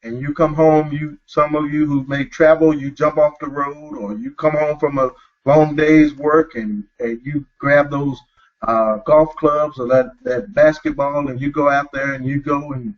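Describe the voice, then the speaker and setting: A man's voice: a little high, dull audio. Earnest talk-show host man, emphatic. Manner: earnest, emphatic, calls listeners brother.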